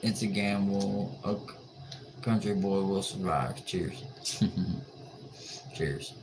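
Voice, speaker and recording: A tired man with a low voice hosts a late-night livestream, reading comments and joking back in an easygoing way. His audio comes through with clear background noise. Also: slow pace. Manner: laid-back, joking, reads and answers chat comments. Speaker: livestream host.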